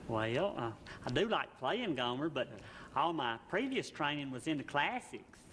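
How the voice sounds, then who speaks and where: A man as a guest in a comedy sketch, answering in a folksy, naive, deadpan way. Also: on the high side, normal speed. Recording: noisy old TV broadcast with studio audience.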